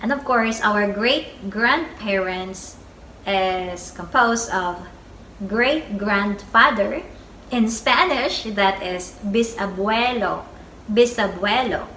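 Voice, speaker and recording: A woman teaching a beginner Spanish vocabulary lesson, saying each word twice in a slow, deliberate way. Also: medium pitch, pushed and bright. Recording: echoey room with faint background noise.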